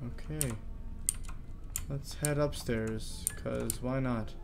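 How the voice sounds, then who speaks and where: A man doing horror game commentary, jittery, chattering to himself and quick to panic. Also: mid-range voice, fairly even intonation, gravelly, music in the background. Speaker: gaming YouTuber.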